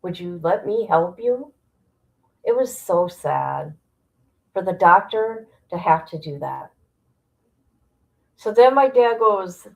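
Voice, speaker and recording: A woman's voice: lowish voice, expressive, slow, creaky, long pauses, lo-fi sound. Blunt, profane woman venting. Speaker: streamer. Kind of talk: casual livestream chat.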